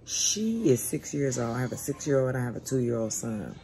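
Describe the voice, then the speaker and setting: A woman's voice: rumbling low, big pitch swings, brisk, gravelly, dark tone. A woman in her forties telling a story in a casual, blunt and profane way. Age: 40s. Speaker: vlogger.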